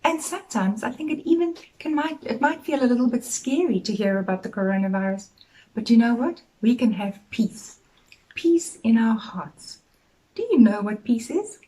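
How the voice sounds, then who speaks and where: A middle-aged woman teacher gently speaking to young children in an assembly talk, telling them a story in a sing-song way. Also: fairly high pitch, animated, normal speed, low-quality recording.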